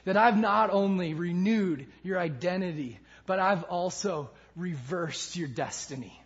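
A man preaching a sermon with passion, swinging from loud emphasis to hushed lines. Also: high-pitched, unhurried, muffled recording. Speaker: pastor.

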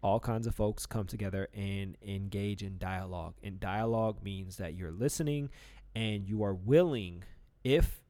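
Man, lowish voice, casual chat, rambling, stop-start phrasing. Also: normal speed, warm tone. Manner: rambling, many restarts and fillers; burps mid-talk. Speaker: podcast co-host.

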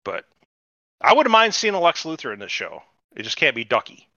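A man's voice: fairly high pitch, wildly swooping pitch, brisk, sharp tone, no echo, dull audio. A man hosting a podcast, recapping in casual, rambling chat full of swearing. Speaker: podcast host.

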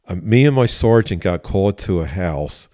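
Man telling a lively story. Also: deep voice, moderate pace, no room sound, studio quality. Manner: animated anecdote-telling with laughs and fillers. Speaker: police officer guest. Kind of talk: casual storytelling.

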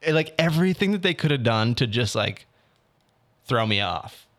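A man's voice: medium pitch, lively intonation, moderate pace, a bit bright. A young man in casual chat, animatedly telling an audition story and quoting others. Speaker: actor telling about auditions.

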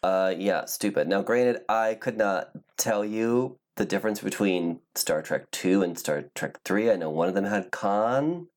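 A man's voice: lowish voice, measured pace, hardly any pauses. A man hosting a podcast, chatting casually and loosely about news, swearing now and then. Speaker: podcast host.

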